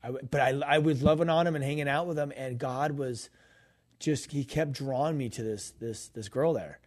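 A man's voice: medium pitch, moderate pace, darkish tone. A man co-hosting a faith podcast, telling a story in a casual chat and acting out the quoted dialogue. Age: adult, grown pastor's kid. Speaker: podcast co-host and minister.

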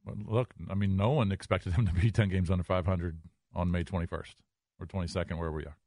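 A man co-hosting sports talk radio, laying out his points in a measured way. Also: low voice, steady tone, warm tone, no echo, clean studio sound.

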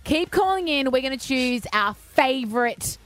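A woman's voice: sits high, expressive, normal speed. Teasing Australian radio co-host, a young woman. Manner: teasing, laughs a lot. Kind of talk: playful radio banter.

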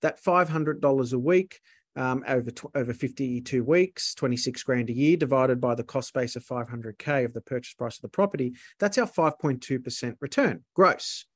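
A man's voice: mid-range voice, moderate pace, no room sound, studio quality. A man, a guest accountant who explains figures step by step with worked examples. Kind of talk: explanatory interview talk.

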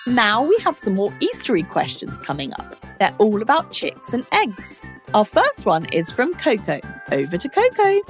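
A woman presents a science podcast for children, explaining things to young listeners in a playful, animated way. Her voice sits a little high. Her pitch swoops up and down with great liveliness. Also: normal speed, loud music behind the voice.

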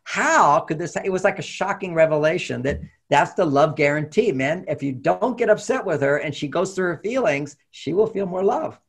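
Gravelly man telling a story. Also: on the high side, moderate pace, hardly any pauses. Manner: animated storytelling, acting out quotes. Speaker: therapist. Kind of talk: storytelling talk.

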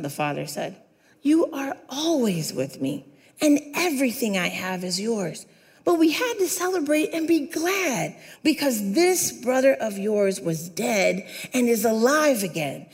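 A fairly high-voiced woman preaches with a lively, swooping delivery, telling a story and asking her listeners to repeat key words. Her voice carries a long reverb, as in a large hall. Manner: animated, asks the audience to repeat words. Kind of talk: sermon.

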